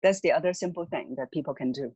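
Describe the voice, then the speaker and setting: A voice coach calmly and patiently explaining voice techniques as an interview guest. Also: medium pitch, very fast, slightly rough, no echo, lo-fi sound. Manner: calm, patient, instructive.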